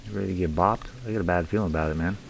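A man's voice: sits low, racing, gravelly, very noisy. A young man casually commentating a horror game, joking, swearing and talking back to the characters. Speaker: gaming YouTuber.

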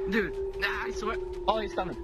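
A young man chatting excitedly with friends while playing a VR game. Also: sits high, over loud music. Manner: excitable, rapid back-and-forth banter. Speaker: player in a VR game. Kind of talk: casual game voice chat. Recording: loud background noise over game chat.

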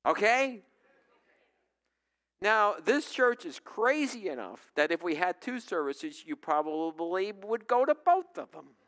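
A man's voice: high-pitched, big pitch swings, takes it slowly, fairly bright tone. A male pastor preaching a sermon, telling a personal story in a conversational way and putting questions to the congregation.

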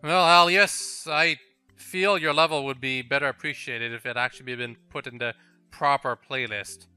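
A man's voice: mid-range voice, steady tone, normal speed, sharp tone, smooth, soft background music. A man with a French accent hosting a game video, chatting and laughing through casual let's-play commentary aimed at the level maker. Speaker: gaming channel host.

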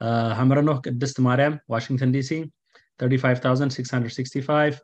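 A man's voice: medium pitch, fairly even intonation, very fast, darkish tone. A man reading out donation totals for a fundraiser, listing figures with frequent fillers and restarts. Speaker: fundraiser announcer.

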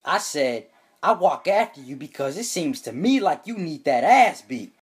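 A young man telling a comedic, profane story for his vlog, reading chat screenshots aloud with loud, animated bursts. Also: fairly high pitch, moderate pace, breathy edge.

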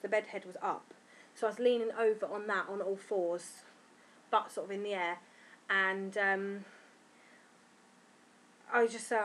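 A woman's voice: mid-range voice, steady tone, normal speed, a little hiss or hum. A tired woman, frankly and chattily telling her birth story in a casual vlog. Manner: chatty, frank and giggly, acting out quotes. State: tired from lack of sleep.

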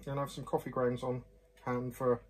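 A man's voice: mid-range voice, monotone, a little fast, a little mellow. A man reviewing whisky glasses in a chatty, rambling, self-deprecating way, often apologising. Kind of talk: casual chat to camera.

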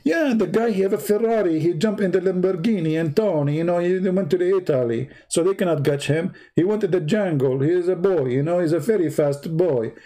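A man hosting a livestream, retelling a story in a mocking, animated way and speaking broken, non-native English. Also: brisk. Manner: mocking, animated storytelling with big pitch swings. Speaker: livestream host. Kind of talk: casual livestream commentary.

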